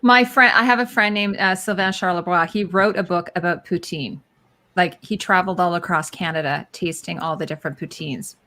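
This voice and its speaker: Bright-voiced woman hosting a chatty livestream. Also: fairly low pitch, a little fast. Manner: chatty, reads viewer comments aloud. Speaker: livestream host. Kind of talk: casual livestream chat.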